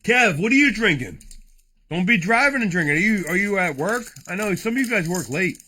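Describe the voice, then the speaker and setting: Excitable profane man with a lively voice. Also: sits high, a little fast, a little hiss or hum. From New Jersey. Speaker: card-breaking streamer. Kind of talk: casual live card-opening chat.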